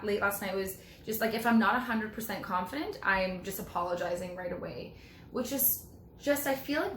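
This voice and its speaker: A woman's voice: medium pitch, fairly bright tone, reverberant, slight background noise. A young woman hosting a casual pep talk, speaking frankly with lots of "like" and "um". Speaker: host of a weekly pep talk. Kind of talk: casual motivational vlog talk. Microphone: camera framing her.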